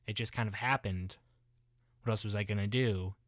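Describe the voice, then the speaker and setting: A man's voice: fairly low pitch, steady tone, moderate pace, a bit bright, no echo, studio quality, close to an everyday voice. A man voicing a queen mother who talks in a breezy, offhand way, making light excuses. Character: queen mother, casually unbothered, chatty.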